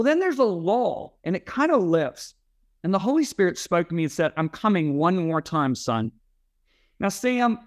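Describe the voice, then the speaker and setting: Emphatic man telling a dramatic story. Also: high-pitched. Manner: dramatic, emphatic preacher-like storytelling with quoted dialogue. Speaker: interview guest, Christian author and speaker. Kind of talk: animated storytelling.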